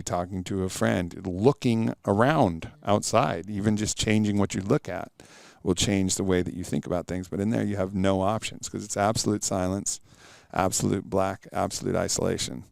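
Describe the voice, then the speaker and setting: Podcast guest, middle-aged man, smooth and resonant, earnest storyteller. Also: low voice, fairly even intonation, moderate pace, hardly any pauses, darkish tone, no echo, studio quality. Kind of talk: casual interview chat.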